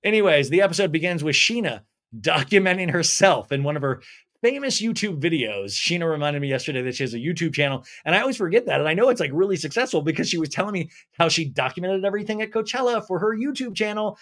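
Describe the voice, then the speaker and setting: A tipsy male podcast host giving a casual, animated, rambling TV recap. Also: a little high, quick pace.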